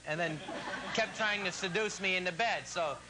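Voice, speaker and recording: A man's voice: high voice, normal speed, a crowd in the background, background noise. A man who is a comedy cast member, telling a story on a talk show and acting out lines. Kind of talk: casual anecdote.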